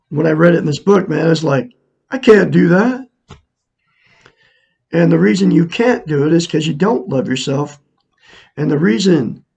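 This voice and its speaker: A man's voice: on the high side, creaky, a little mellow, husky. A man in his sixties earnestly talking to viewers in a casual, repetitive, preachy monologue. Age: 60s. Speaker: self-help vlogger. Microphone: camera mic, looking into a mirror.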